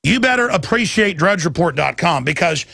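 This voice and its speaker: A man's voice: on the high side, animated, normal speed, gravelly, pushed and bright, no echo, studio quality. A man in his thirties hosting a talk radio show, delivering an impassioned, ranting monologue. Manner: impassioned, ranting, mimics others in quoted voices. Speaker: radio host.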